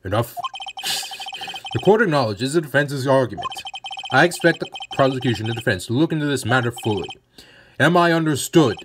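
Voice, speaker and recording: A man's voice: medium pitch, lively intonation, fairly quick, noisy background, natural voice. A man voicing a stern older male judge who speaks formally. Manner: formal, commanding. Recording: music playing behind.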